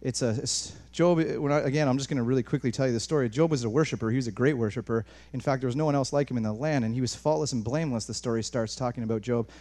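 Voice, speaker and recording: Male pastor preaching, lively and direct, keeps restarting words. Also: mid-range voice, quick pace, few pauses. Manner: animated, restarts words, talks to congregation as guys. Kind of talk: sermon.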